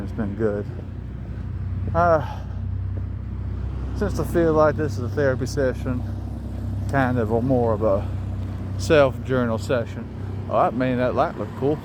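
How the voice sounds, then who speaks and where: A young man with a Southern accent, rambling and reflective as he walks down a city street, talking to a phone, swearing casually. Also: medium pitch. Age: young adult. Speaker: vlogger. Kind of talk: casual walking vlog monologue. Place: outdoors on city streets, passing traffic. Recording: faint street and traffic noise.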